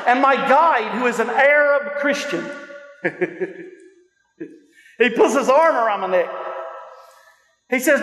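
A male pastor preaching with great passion, often shouting his lines and laughing between stories. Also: very high voice, animated, unhurried, long pauses. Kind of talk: preaching a sermon. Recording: echoey hall with long reverb.

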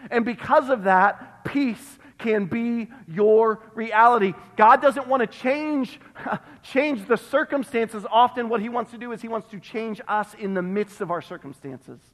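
A male pastor delivering an emphatic sermon, repeating phrases and dropping to a hush on key words, recorded in a church sanctuary. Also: extremely high pitch. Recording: long reverb of a church hall.

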